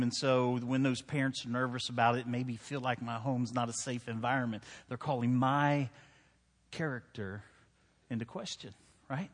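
Joking pastor in an echoing hall. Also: male voice, mid-range voice, a bit bright. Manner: conversational, joking, asks the crowd "right?". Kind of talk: sermon with personal stories. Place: church hall. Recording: long hall reverb.

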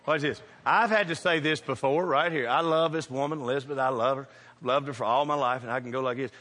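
A man preaching a sermon, telling funny stories with animated shouts and laughter. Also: medium pitch, brisk. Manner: animated, shouting bursts, laughing through punchlines. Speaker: pastor. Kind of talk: humorous storytelling sermon. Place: church sanctuary. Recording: reverberant church hall.

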